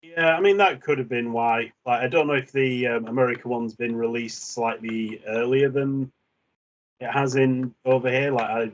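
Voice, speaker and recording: A man's voice: mid-range voice, steady tone, normal speed. A man as a guest in a casual chat, hesitant and blunt with many fillers.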